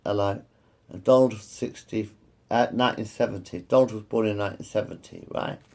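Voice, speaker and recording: Gravelly man in his fifties, rambling. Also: fairly low pitch, steady tone, brisk, a little mellow. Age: 50s. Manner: repetitive, circles back and swears freely. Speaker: vlogger. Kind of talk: rambling personal storytelling.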